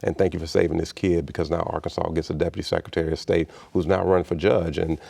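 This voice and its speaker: A man's voice: low voice, fast talker, gravelly. A man in his sixties from Chicago, a guest in an interview telling a personal story with energy and acting out the other people in it. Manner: animated storyteller who acts out the voices in his story. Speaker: interview guest, state official.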